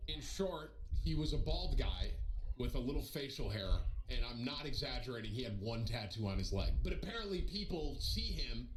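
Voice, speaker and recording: A young man streaming, casually telling a story to his viewers in an animated, joking way, often restarting and talking to the chat. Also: medium pitch, normal speed, a little hiss or hum, low-quality recording. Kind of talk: casual storytelling to a live audience.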